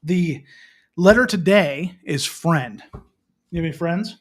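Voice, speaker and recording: A man's voice: on the high side, slow. A middle-aged man from Pennsylvania hosting a casual morning show, telling a story with lots of restarts and asking listeners questions. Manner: animated, restarts and repeats, asks the listener questions. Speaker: host.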